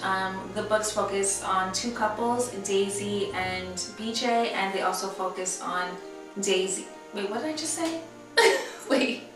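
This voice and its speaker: A woman's voice: medium pitch, far from the mic. A woman book vlogger chatting casually about her reading, rambling with fillers and correcting herself as she goes. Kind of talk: casual chat. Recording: roomy echo, from the mic, faint music.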